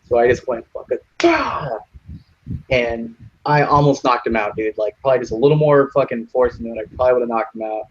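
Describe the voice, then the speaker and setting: A man's voice: medium pitch, fairly even intonation, quick pace, hardly any pauses, lo-fi sound. A young man telling a long profane story in casual voice chat, jumping into other people's voices for the quotes. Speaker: lobby chat regular.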